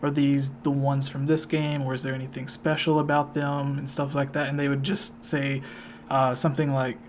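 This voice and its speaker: A man interviews a guest for his channel, his voice staying flat and level as he wanders through long, filler-filled questions. A faint hiss sits under the recording. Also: mid-range voice, moderate pace. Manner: rambling, filler-heavy questions. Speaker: YouTube interviewer. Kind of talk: casual interview chat.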